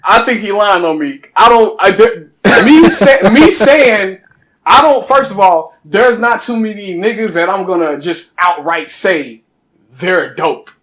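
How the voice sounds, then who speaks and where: Man, guest storyteller, animated, laughing, fairly high, swinging pitch. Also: measured pace. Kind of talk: casual podcast storytelling.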